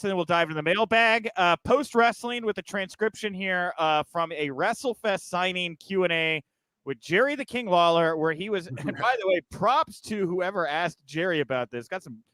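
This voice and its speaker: Male podcast host, joking and sarcastic in casual news chat, with a smooth, high voice on a dry recording. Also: lively intonation, a little fast, bright, forceful tone, dry recording.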